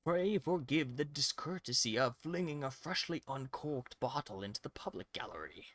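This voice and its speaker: A man's voice: mid-range voice, lively intonation, moderate pace, noisy background, lightly acted. A man doing a haughty aristocratic prosecutor. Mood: disdainful. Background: game music.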